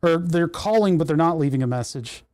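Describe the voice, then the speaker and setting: Brisk and expressive, this livestream host has a voice on the high side with a slightly mellow quality, captured dry and at studio quality on a desk microphone. Working in his home workshop, he chats casually, rambling to himself as he fiddles with menus.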